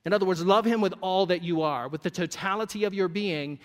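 Male pastor, conversational sermon delivery with humor; high voice, long hall reverb. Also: brisk. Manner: conversational, joking asides to the congregation.

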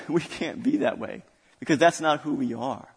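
A man's voice: fairly high pitch, normal speed, creaky, breathy edge, long reverb tail. A male pastor preaching a sermon, building intensity through repeated phrases. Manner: preaching with rising intensity and repetition.

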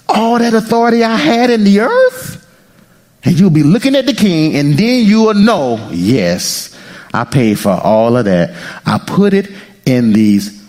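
A male pastor preaching an impassioned sermon, swinging from loud cries to near-whispers and breaking into prayer. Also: high-pitched. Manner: prays aloud mid-sermon.

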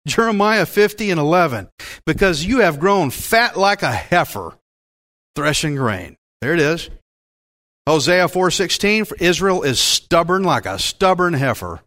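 A man preaching a Bible-teaching sermon as pastor, in a folksy, joking and animated way. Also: sits high.

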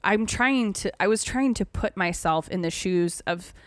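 A woman's voice: medium pitch, a little slow, no room sound. A young adult woman co-hosting a podcast, chatting in a rambling, casual way with plenty of fillers. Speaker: podcast co-host. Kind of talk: casual chat.

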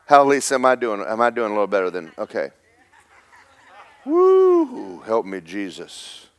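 A man preaching a fiery Pentecostal sermon in church, telling stories and building to emphatic, shouted points. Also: on the low side, animated, fairly quick, smooth.

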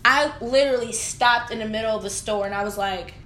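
Woman with a bright tense voice, spilling animated stories, echoey room. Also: on the high side, a little fast, slight background noise. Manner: animated, lively storyteller. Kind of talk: casual chat, emotional storytelling.

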